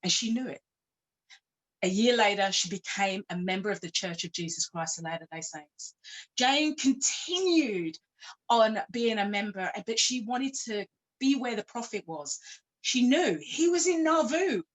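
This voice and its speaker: A woman's voice: on the high side, lively intonation, a little slow, low-quality recording. A woman, speaking at a conference and telling a story in a conversational way, with frank personal asides and self-deprecating humor. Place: church hall.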